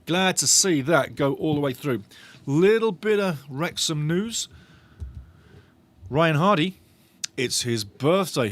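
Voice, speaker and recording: A man giving excited live match commentary as a fan on a watch-along stream, animated, repeating his phrases and laughing often. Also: on the high side, dry recording.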